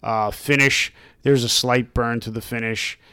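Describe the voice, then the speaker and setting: A man's voice: medium pitch, fairly even intonation, unhurried, bright, forceful tone, clear, resonant tone, no room sound. Man, podcast co-host, casual chat, reads notes in a list-like way, dry close-miked sound.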